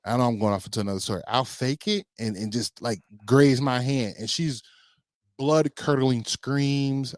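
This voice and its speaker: A man co-hosting a casual chat over a remote call, ranting quickly and then apologizing for it. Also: mid-range voice, no echo, clean studio sound. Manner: quick, self-deprecating ranting. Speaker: podcast co-host.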